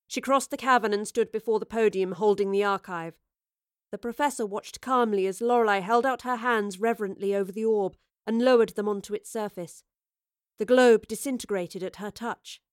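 A woman's voice: mid-range voice, moderate pace, dry recording, studio quality. Woman narrating a fantasy audiobook. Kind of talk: scripted narration.

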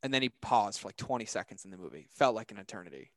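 A man's voice: on the low side, very animated, quick pace, fairly bright tone, no echo. A man, a podcast guest, telling a personal story in an earnest, emphatic way and acting out the quotes.

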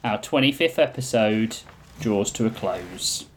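A man's voice: on the low side, expressive, slight background noise. Laughing, rambling man hosting a chat. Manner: laughs often, quick rambling asides. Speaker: podcast host and game master. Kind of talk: casual chat.

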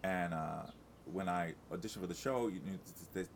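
A man in middle age with a very deep voice talks loosely and chattily, circling back on himself with fillers and restarts. A faint noise floor sits under the recording. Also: normal speed, creaky. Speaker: Broadway actor, guest. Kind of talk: casual interview chat.

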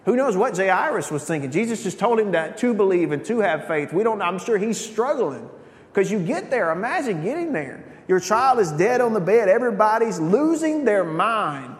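A man's voice: sing-song, normal speed. A man preaching a sermon in a conversational, storytelling way, with asides to the congregation. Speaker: pastor. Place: church sanctuary. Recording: echoey church hall, faint rumble.

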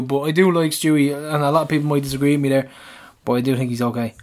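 A man's voice: medium pitch, steady tone, racing, a little mellow. An Irish man co-hosting a football podcast in casual chat, blunt and fiery, swearing freely. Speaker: podcast co-host.

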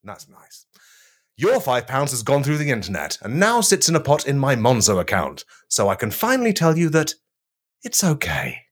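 A man hosting a comedy podcast, telling absurd stories with mock-grandiose deadpan delivery. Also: mid-range voice, moderate pace. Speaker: podcast co-host. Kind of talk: comic storytelling.

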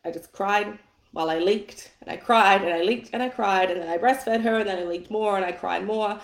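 A woman's voice: medium pitch, moderate pace. A woman, coaching on money mindset and telling a personal story in a candid, chatty way, swearing casually. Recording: echoey room.

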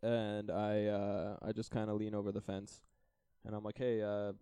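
A young Canadian man with a smooth, fairly low voice speaks at a moderate pace, with no echo. As a podcast co-host, he tells a long holiday anecdote in casual chat, animatedly acting out the quoted dialogue and laughing frequently.

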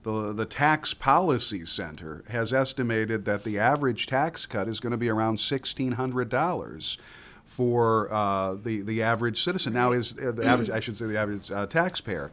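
A man's voice: fairly low pitch, moderate pace, a bit bright. A man hosting a political talk show, speaking emphatically and repeating phrases for weight. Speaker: podcast host.

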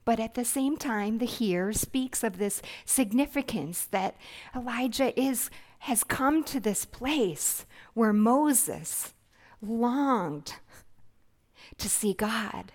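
A woman preaching a sermon, gentle, earnest and reflective, with soft hushed passages. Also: on the high side, lively intonation, slow pace.

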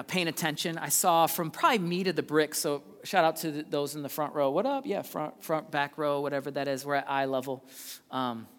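Joking preacher in a reverberant hall. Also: male voice, on the high side. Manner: conversational and joking, swings between loud and hushed. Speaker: pastor. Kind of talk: sermon.

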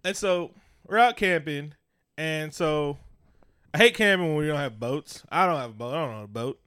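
Animated, smooth-voiced man telling stories. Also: on the high side, normal speed, dry recording, studio quality. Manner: animated storyteller, acts out other voices, swears freely. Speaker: podcast co-host. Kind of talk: casual chat.

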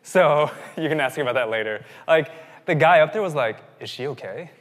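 A man's voice: a little high, expressive, fairly quick. A man in his thirties preaching a sermon, telling a personal story in a casual, conversational way that keeps circling back and then builds to emphatic peaks. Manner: conversational, self-interrupting, rising to emphatic peaks. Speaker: pastor. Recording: long hall reverb.

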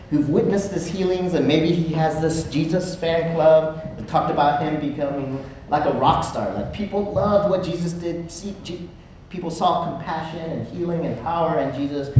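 A man's voice: on the high side, fairly even intonation, moderate pace, darkish tone, lo-fi sound, a little hiss or hum. Man preaching in an echoey room, far off. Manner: conversational, asks "right?" often. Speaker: pastor. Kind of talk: sermon.

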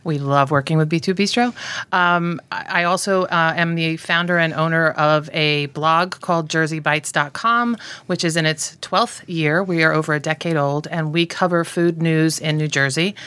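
Woman in her 40s, raspy, bright forceful tone, lowish pitch, relaxed storyteller. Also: moderate pace. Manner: relaxed storytelling with many um fillers. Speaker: guest, blog founder. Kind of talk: podcast interview conversation.

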